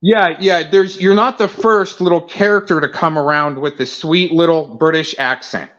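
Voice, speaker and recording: A man's voice: fairly high pitch, fairly even intonation, moderate pace, a bit bright, muffled recording. A man hosting a livestream and arguing heatedly, cutting in with repeated denials and talking over his guest. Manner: argumentative, repeats "no, no, no", talks over others. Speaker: livestream host.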